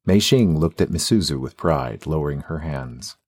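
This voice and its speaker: A man narrating a fantasy audiobook with a steady, even storytelling delivery. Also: very deep voice, normal speed, slightly rough, no room sound.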